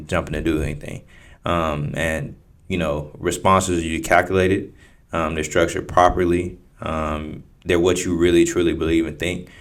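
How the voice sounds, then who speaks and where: Deep, flat-voiced laid-back male podcaster. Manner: laid-back, rambling with many fillers and restarts. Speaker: podcast co-host. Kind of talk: casual podcast chat.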